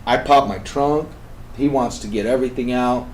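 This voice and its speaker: Animated man telling a story. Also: medium pitch, normal speed, a little hiss or hum, low-quality recording. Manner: animated, swings between loud emphatic bursts and hushed intense passages. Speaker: guest on a talk show. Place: radio studio.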